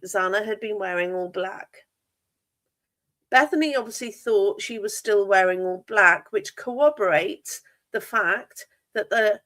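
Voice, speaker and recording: A woman's voice: medium pitch, a bit bright. A woman hosting a livestream about a true crime case, asking pointed, disbelieving questions with emphatic stress. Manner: incredulous, emphatic, asks many questions. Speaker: livestream host. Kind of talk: true crime discussion stream.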